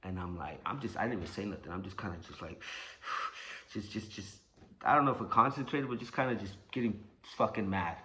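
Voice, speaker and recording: A man tells a story from his past in a loose, rambling way, full of swearing and acted-out sound effects. His voice is bright and forceful. A faint hiss of noise sits behind him. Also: on the low side, fairly quick. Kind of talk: casual profane storytelling.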